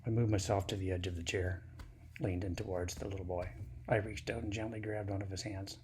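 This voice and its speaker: A man telling a personal story in a plain, unhurried, folksy way. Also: low voice, fairly even intonation, a little mellow, a little hiss or hum.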